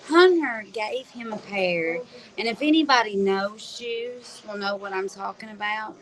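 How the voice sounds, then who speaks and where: In a restaurant, a woman co-hosting a livestream with her husband, the vlogger, chats casually and teases him, using lots of ums. Her voice is medium-pitched and unhurried, and the recording is rough.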